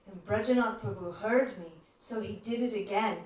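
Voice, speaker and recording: A woman giving a devotional talk, telling stories gently and acting out the voices in them. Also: mid-range voice, normal speed, hardly any pauses. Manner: gentle storyteller who acts out quoted voices. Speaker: devotional speaker. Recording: echoey room, far from mic.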